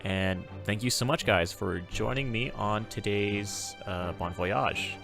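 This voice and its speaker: A man streaming a travel game, reading its text aloud and chatting casually, in an animated, self-correcting way. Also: fairly low pitch, slow, gravelly, faint music behind.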